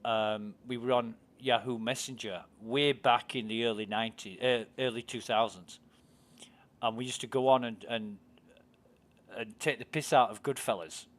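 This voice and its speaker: A chatty English man with an English accent, rambling through stories as he streams a game. He swears freely and laughs easily, and his voice sits at an ordinary middle pitch. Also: steady tone, moderate pace, fairly bright tone. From England. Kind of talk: casual chat while gaming.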